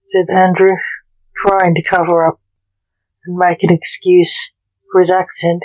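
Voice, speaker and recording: A woman's voice: on the low side, level tone, a little slow, pauses often, poor audio. A woman narrating a historical romance story aloud as a storyteller.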